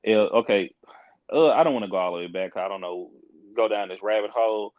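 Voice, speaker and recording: A young man in his twenties, a podcast guest, telling a story in a frank, emphatic way with quick restarts. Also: on the low side, no room sound, narrow, tinny audio. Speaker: podcast guest, court caseworker. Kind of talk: animated casual storytelling.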